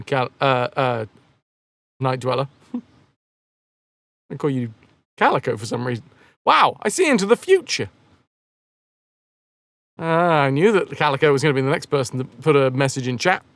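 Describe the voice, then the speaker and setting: A man's voice: on the high side, big pitch swings, moderate pace, pauses often, fairly bright tone, dry recording. A man chatting casually on a game live stream, rambling and joking as he answers chat messages.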